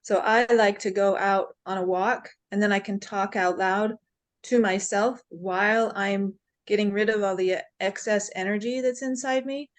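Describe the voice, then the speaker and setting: A woman with a mid-range voice speaks up during an online group class. She tells her experience calmly and in order, finishing each sentence as she goes. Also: medium pitch, normal speed. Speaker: class participant. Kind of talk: sharing in group discussion.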